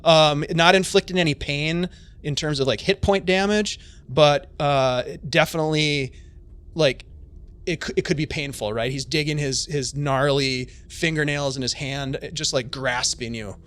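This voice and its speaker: A man's voice: fairly high pitch, fairly even intonation, measured pace, fairly bright tone, clean tone. A man narrating a tabletop game on a live stream as game master, chatty and full of fillers.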